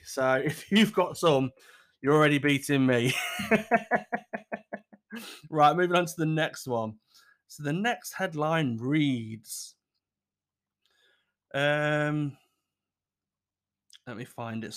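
A man hosting a podcast as a casual solo chat, animated, swearing freely and laughing often. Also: on the high side, slow, pauses often. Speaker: podcast host.

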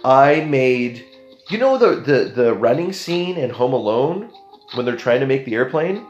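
A young Canadian man telling a story in a casual, animated way, jumping into the voices of the people in it. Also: mid-range voice, unhurried, roomy sound, dull audio, soft background music.

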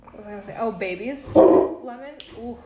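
A young woman co-hosts a podcast, candidly telling stories about her new job in casual chat and swearing freely. Her voice is fairly high and moves at a moderate pace, recorded in an echoey room with faint noise.

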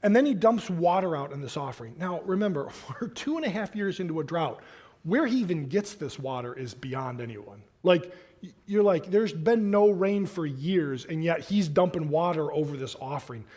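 A pastor with a high-pitched voice reads scripture and then preaches in a loose, animated, conversational manner. He talks to the congregation like a friend, with quick casual asides. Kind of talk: sermon.

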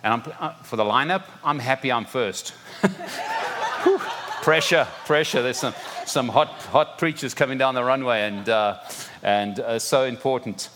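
A man's voice: medium pitch, moderate pace, fairly bright tone, a little hiss or hum. A middle-aged man from Zimbabwe with a Zimbabwean English accent, opening a sermon as a visiting pastor in a church, chatty and self-deprecating with many restarts. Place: church sanctuary.

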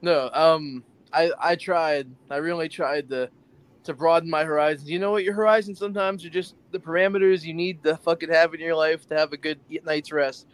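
A man's voice: on the high side, a little fast, clean tone. A man talking casually as a podcast guest, laughing often and swearing as he tells stories. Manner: laughing, swearing, animated storyteller. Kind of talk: casual chat.

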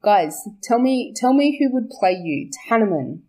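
A woman's voice: a little high, very animated, a little slow, dark tone. A young woman, chatting casually about her book's characters, laughing often, swearing and correcting herself as she goes. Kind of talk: casual chat.

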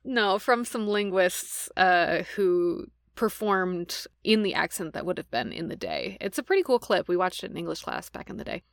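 A woman's voice: on the low side, animated, normal speed, vocal fry, hardly any pauses, no room sound, clean studio sound. A woman co-hosting a podcast in casual chat, playfully quizzing her co-host. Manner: playful quizzing, frequent laughs.

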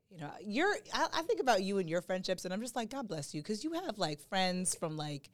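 A woman's voice: mid-range voice, big pitch swings, dry recording, clean studio sound. A woman co-hosting a podcast in casual chat, rambling and joking as she talks. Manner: chatty, rambling, quick to joke. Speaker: podcast co-host.

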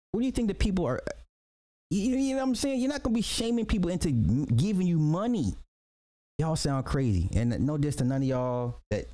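Casting note: man, podcast host, loose animated slangy commentary, frequent laughs, mid-pitched voice. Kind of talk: casual livestream commentary.

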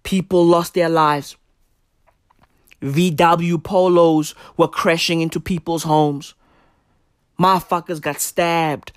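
A man from South Africa doing a satirical comedy monologue in heavy slang, ironic, building to loud outbursts. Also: a little high, steady tone, slow, pauses often, clean tone, no room sound, studio quality.

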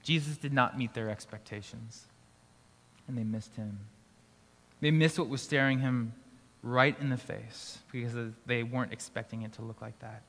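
Pastor preaching in a reverberant hall. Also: male voice, mid-range voice, fairly even intonation, moderate pace, fairly bright tone. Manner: conversational preaching with restarts and light laughs. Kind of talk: sermon. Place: school auditorium used for church gathering.

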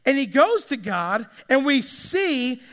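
A man's voice: very high voice, very animated, slow, a bit bright. A man preaching a casual, chatty sermon, joking and acting out the quotes. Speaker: pastor. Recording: long hall reverb.

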